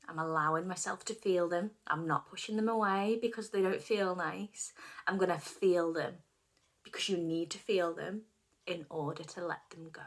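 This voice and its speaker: A middle-aged woman leading a guided tapping session, speaking slow repeat-after-me phrases and dropping some of them to a whisper. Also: on the low side, fairly even intonation. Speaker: tapping practitioner.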